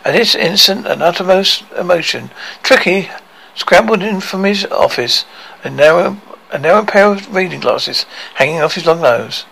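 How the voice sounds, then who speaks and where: A man reading a comic storybook aloud, narrating in an animated, expressive way with occasional stumbles. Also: sits high, normal speed, gravelly, breathy edge, low-quality recording.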